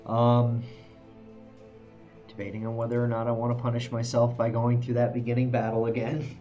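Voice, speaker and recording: A man's voice: mid-range voice, monotone, moderate pace, mellow, muffled recording. A man streaming a video game, chatting casually, poking fun at his own failures and chuckling often. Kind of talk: casual live-stream commentary while playing. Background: faint game music.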